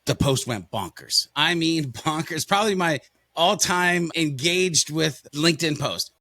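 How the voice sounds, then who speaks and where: A man's voice: fairly high pitch, lively intonation, measured pace, pushed and bright, dry recording. Upbeat American man hosting a podcast. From United States. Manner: upbeat, enthusiastic, folksy. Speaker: podcast host. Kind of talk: casual podcast chat.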